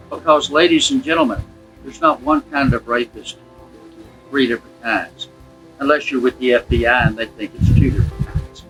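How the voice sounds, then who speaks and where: With a mid-range voice and a brisk pace, an ex-detective now writing books tells an audience about his work and his titles, vividly impersonating those he quotes. Faint music sits in the background of a poor-quality recording.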